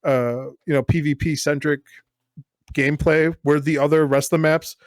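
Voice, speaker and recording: Podcast co-host, male, slightly high voice, rambling filler-heavy chat, dry close sound. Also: fairly even intonation, normal speed, no echo. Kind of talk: casual chat.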